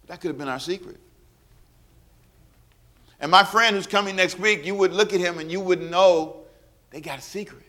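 A man preaching a sermon as pastor, animated and humorous, calling on the congregation to repeat after him. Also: high voice, normal speed, pauses often. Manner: animated preaching with humor and audience call-and-response.

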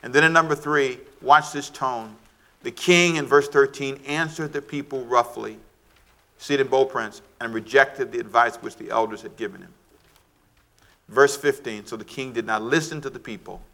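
A middle-aged man preaching a sermon, animated and shouting at times, calling for amens from the congregation. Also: medium pitch, moderate pace. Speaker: pastor.

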